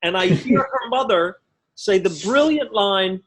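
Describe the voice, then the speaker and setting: Stand-up comic, male, forties, high voice, conversational storytelling with self-mocking punchlines, performing over a video call from home. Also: expressive, unhurried, fairly bright tone, rough recording. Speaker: stand-up comedian.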